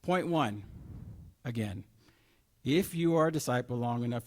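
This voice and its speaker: A middle-aged man delivers a sermon at a moderate pitch. He drops into soft asides and then pushes key words with force. He asks the listeners rhetorical questions throughout. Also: moderate pace. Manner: emphatic, rhetorical questions, swings between soft asides and loud stresses. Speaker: preacher.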